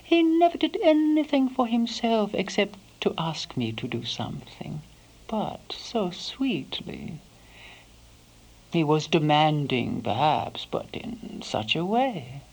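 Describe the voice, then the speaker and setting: A woman playing a devoted elderly housekeeper, recalling her employer in a soft first-person monologue that sometimes sinks to a whisper. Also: on the low side, very animated, slow, exaggerated voice, rough recording. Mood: wistful. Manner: soft-spoken, slips into hushed whispers.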